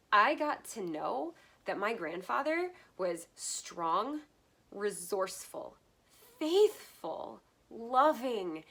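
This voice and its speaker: A woman's voice: mid-range voice, creaky, fairly bright tone. A woman from the United States giving a casual vlog book review, earnest and heartfelt, laughing often between thoughts.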